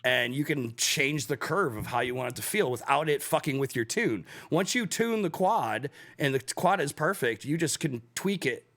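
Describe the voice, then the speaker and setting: A man co-hosting a casual podcast, explaining things in an animated, loose way and swearing freely. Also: mid-range voice, normal speed, few pauses. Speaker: podcast co-host. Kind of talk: casual chat.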